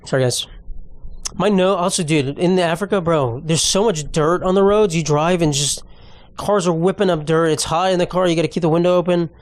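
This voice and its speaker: A man's voice: a little high, a little fast, dry recording. A young man hosting a solo comedic podcast, rambling through stories in an offhand, profane way. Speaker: podcast host.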